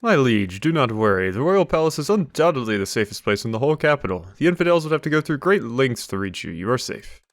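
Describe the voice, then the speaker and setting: A man voicing a scheming male royal advisor, smooth and flattering. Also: mid-range voice, quick pace, hardly any pauses, dry recording, studio quality, close to an everyday voice. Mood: soothing.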